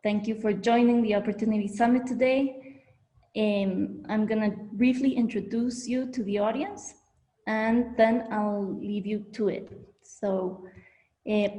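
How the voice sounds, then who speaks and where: A woman's voice: medium pitch, warm tone. A woman hosting an online conference, formally introducing a guest speaker. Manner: formal, welcoming. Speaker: event host. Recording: echoey room.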